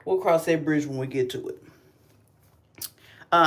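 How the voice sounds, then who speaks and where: A woman's voice: lowish voice, a little slow, long pauses. A middle-aged woman from Kentucky with a slight Southern drawl, chatting casually through a hair-care livestream. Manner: chatty, talks viewers through each step. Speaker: beauty vlogger.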